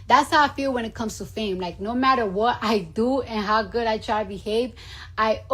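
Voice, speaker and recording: Husky woman venting in a clip. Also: on the high side, normal speed, fairly bright tone. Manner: rambling, exasperated venting. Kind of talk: livestream clip.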